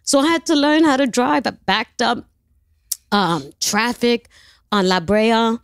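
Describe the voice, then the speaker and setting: Lively New woman telling stories. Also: on the high side, unhurried, clear, resonant tone, no echo, clean studio sound. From New York. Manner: animated, lively storyteller who acts out dialogue. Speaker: actress guest. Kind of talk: interview storytelling.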